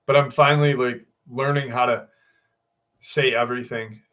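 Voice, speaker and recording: A man's voice: medium pitch, fairly even intonation, moderate pace, a bit bright. A man in his sixties hosting a casual livestream from home, chatting loosely with viewers, greeting them by name and swearing freely. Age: 60s. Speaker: livestream host.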